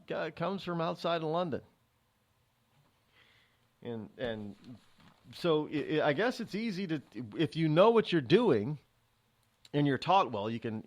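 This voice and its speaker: A man hosting a talk show, commenting on a news story in a loose, halting way full of restarts and asides. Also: medium pitch. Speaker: radio show host. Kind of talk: rambling solo commentary on news.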